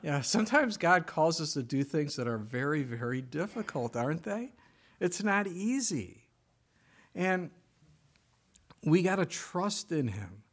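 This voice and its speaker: A male pastor preaches earnestly and with emphasis. He uses rhetorical questions to draw in his listeners. His voice sits a little higher than most men's. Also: big pitch swings, measured pace, slightly rough. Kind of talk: sermon.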